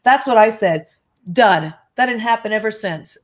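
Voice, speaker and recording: Animated woman telling stories on a live stream. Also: mid-range voice, normal speed. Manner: animated storyteller, acts out quoted dialogue. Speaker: guest medium. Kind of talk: casual live-stream chat.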